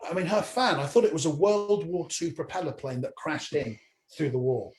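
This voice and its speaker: A man, a stand-up comedian, telling a long personal story in an animated way, acting out the voices of the people in it and swearing freely. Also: a little high, normal speed. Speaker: comedian guest. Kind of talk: anecdotal storytelling. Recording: echoey room with faint noise.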